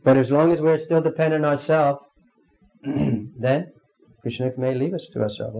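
A man teaching a devotional class in a halting way, pausing often and clearing his throat. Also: mid-range voice, dark tone, low-quality recording. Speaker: spiritual teacher.

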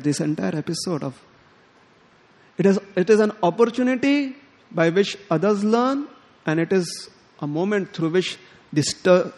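A man giving a sermon, telling a devotional story in an animated way and acting out the characters' lines. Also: high-pitched, vocal fry. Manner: animated, quotes characters in lively tones, chuckles often. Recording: long hall reverb.

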